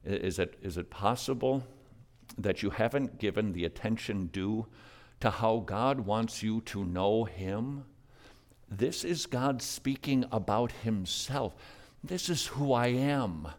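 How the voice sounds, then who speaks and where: A man preaching a sermon, with dynamic delivery that swings from hushed to loud. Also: medium pitch. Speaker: pastor.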